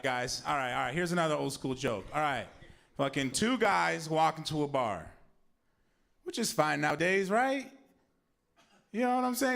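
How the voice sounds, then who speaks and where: A man's voice: a little high, gravelly, a bit bright. A man hosting a comedy show in a small venue, joking loosely and laughing at his own flops. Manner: laughing, self-mocking, loose banter. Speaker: show host. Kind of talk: hosting a comedy open mic. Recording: crowd and noise in a small venue.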